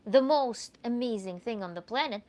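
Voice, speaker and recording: A woman's voice: fairly high pitch, normal speed. Earnest woman with a Russian accent. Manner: animated and earnest, with restarts and light laughter. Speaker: tantra coach. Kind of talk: answering viewer questions.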